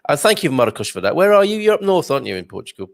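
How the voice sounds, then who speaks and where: A man's voice: fairly high pitch, very animated, racing, gravelly, no echo, studio quality. A man hosting a live stream, chatting and reading out viewer comments with rambling asides. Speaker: host.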